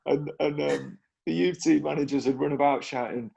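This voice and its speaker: A man hosting a podcast with a gravelly, husky voice. He chats casually, dropping in short interjections and friendly banter with his guest. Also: fairly high pitch, steady tone, moderate pace, dark tone, dull audio. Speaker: podcast host.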